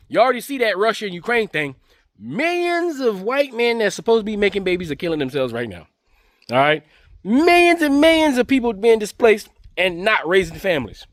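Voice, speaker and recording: An online commentator rants to camera with taunting, mocking political commentary, repeating his jabs again and again. His high-pitched voice swings widely and moves briskly. The studio sound is clean, with no echo.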